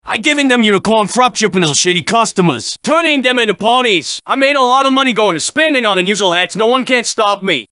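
A man's voice: high-pitched, expressive, brisk, few pauses, pushed and bright, no room sound, studio quality. A synthetic male voice playing a cocky young barista who boasts about his scheme. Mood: smug. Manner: brash, boastful. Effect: synthetic text-to-speech voice.

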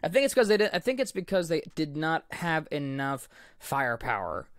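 A man's voice: fairly high pitch, very animated, a little fast, dry recording, studio quality. A man co-hosting a podcast, telling a history story casually with asides and easy laughter. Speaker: podcast co-host.

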